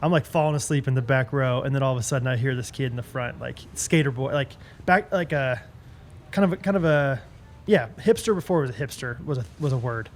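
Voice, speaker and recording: A young man co-hosting a podcast in casual chat, laughing often and telling animated stories. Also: medium pitch, fast, slight background noise. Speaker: podcast co-host.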